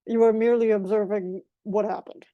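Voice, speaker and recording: A woman's voice: medium pitch, fairly even intonation, a little fast, no room sound, narrow, tinny audio. A woman giving an explanatory talk as a guest speaker, defining terms one by one in a methodical way.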